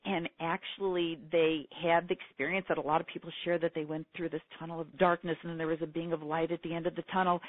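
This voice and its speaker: Middle-aged woman guest telling a heartfelt story, earnest and emotional, slightly low-pitched voice over a tinny, dry phone line. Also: dry recording. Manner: earnest, emotional, with quick laughs. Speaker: interview guest, seminar teacher. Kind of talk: personal storytelling in a phone interview.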